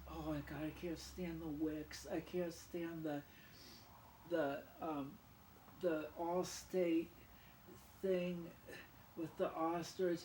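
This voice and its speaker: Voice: mid-range voice, little pitch movement, takes it slowly, pauses often, a little mellow, echoey room, slight background noise, low-quality recording. A vlogger talking to camera in a rambling, casual monologue, often apologizing and drifting into rants. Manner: rambling, keeps apologizing, ranting.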